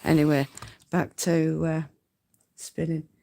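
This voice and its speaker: Speaking slowly and flatly in a low, gravelly, mellow voice, a Yorkshire-accented woman from North Yorkshire, England, hosts a live stream. She chats through homely spinning tips and laughs a good deal.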